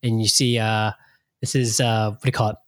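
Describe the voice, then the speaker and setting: A man hosting a casual podcast chat, talking with animated energy, swearing freely and acting out his own reactions. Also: lowish voice, fairly quick, no room sound. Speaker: podcast host.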